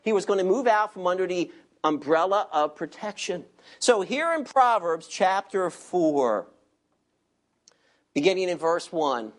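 A woman preaching a sermon, reading scripture slowly and adding wry asides to the congregation. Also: on the low side, lively intonation.

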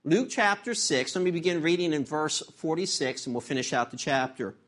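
A man's voice: fairly high pitch, fairly quick, a bit bright. A male pastor delivering a sermon, opening with a joke and closing in prayer. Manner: tells a joke, then preaches and prays.

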